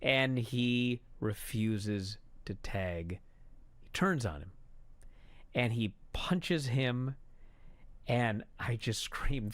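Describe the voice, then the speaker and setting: A man angrily recapping a wrestling show in a profane, exasperated rant that builds to shouting. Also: medium pitch, expressive, slow, dry recording.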